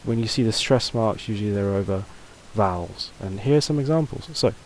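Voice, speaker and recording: Man, fairly low voice, casual video lesson, loose chatty teaching, faint hiss. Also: brisk, rough recording. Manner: loose and chatty, with fillers and restarts. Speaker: language teacher.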